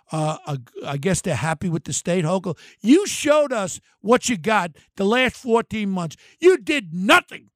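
An older man, ranting angrily and mockingly about politics on his podcast, shouting in bursts. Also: high-pitched, no room sound, clean studio sound. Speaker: podcast host. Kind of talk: angry political rant.

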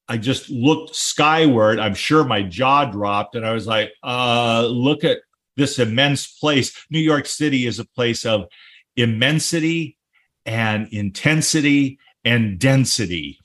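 Casting: male host, mid-pitched, reflective and enthusiastic, unhurried wordy delivery. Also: a bit bright. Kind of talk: casual interview chat.

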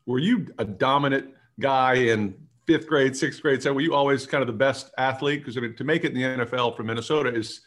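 A man's voice: mid-range voice, a little fast, few pauses, fairly bright tone. A male podcast host in a mid-range voice keeps things loose and casual. He ribs his guest with a jokey, teasing manner between questions. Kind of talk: casual interview chat.

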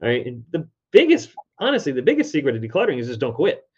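A man in his forties, a decluttering expert, chatting as a guest in an interview and telling stories with lively quoted voices. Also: mid-range voice, fast, slightly rough. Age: 40s. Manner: animated storyteller, acts out quotes in raised voice. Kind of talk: casual interview chat. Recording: dull lo-fi audio.

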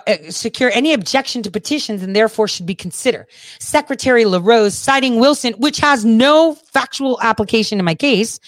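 A fed-up woman candidate rants at length, reading dense legal passages aloud and breaking off to swear at them. Her voice sits fairly high. The sound is dry and close. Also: no room sound. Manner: indignant, swearing, reads legal text aloud. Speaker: political candidate. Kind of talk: ranting video commentary.

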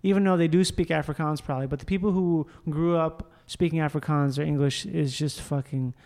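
A man in casual chat, telling stories in a lively, profane, animated way. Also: on the high side, fairly quick.

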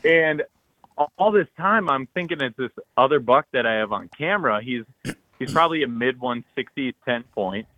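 A man co-hosting a podcast, telling an excited hunting story full of acted-out quotes and loud bursts. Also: medium pitch, a little fast, no echo, lo-fi sound. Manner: animated, loud bursts, frequent "like", acts out texts and quotes.

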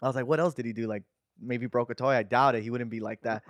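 A young man with a Mexican-American accent, co-hosting a podcast and telling stories in a slangy, animated way. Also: mid-range voice, fast, no room sound. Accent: Mexican-American English. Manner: slangy, animated storytelling with acted-out quotes. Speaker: podcast co-host. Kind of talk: casual chat.

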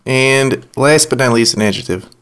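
A man's voice: mid-range voice, normal speed, a bit bright, slight background noise. A man co-hosting a casual podcast, playful and teasing with his friends. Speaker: podcast co-host. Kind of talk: casual drinking-game banter.

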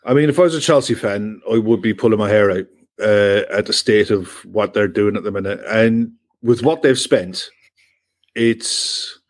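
Man giving steady football opinions. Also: fairly low pitch, normal speed. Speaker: pundit. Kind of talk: casual football chat.

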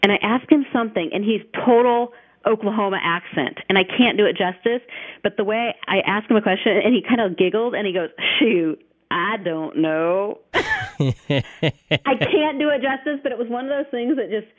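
A woman's voice: a little high, quick pace. A woman co-hosting a casual sports podcast, telling recruiting stories in a chatty way and laughing easily. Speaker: podcast co-host, recruiting reporter. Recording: phone-line audio.

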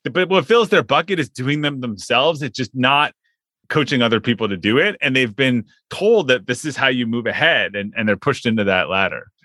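A man's voice: mid-range voice, animated, fairly quick, bright, forceful tone, dry recording. A man hosting an interview podcast, chatting casually and musing aloud, with short agreeing replies. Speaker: podcast host.

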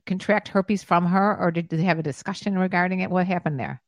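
A woman's voice: lowish voice, steady tone, a little fast, dry recording. A woman co-hosting a podcast in casual chat, teasing and giggly. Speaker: podcast co-host.

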